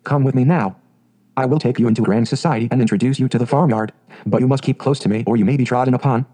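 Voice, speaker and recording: A proud, fretful mother duck fussing over her brood in a storybook. A man reads her, his tone mellow and warm, with a steady even-pitched delivery. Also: quick pace, close to an everyday voice. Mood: instructive.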